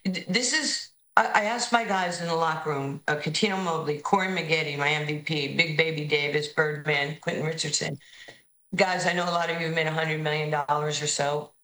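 Low-voiced animated woman storyteller. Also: fairly quick, roomy sound, low-quality recording. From New York. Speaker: basketball head coach, guest. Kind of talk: interview storytelling.

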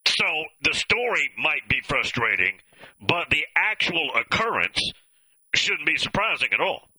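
A man's voice: a little high, sing-song, unhurried, pushed and bright, slightly rough, no room sound, rough recording. A man hosting call-in sports talk radio, folksy and opinionated. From American South.

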